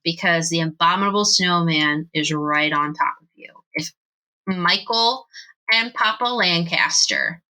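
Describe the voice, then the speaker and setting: A woman narrating as game master of a tabletop game, animated and laughing often. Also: lowish voice, a little slow, rough recording.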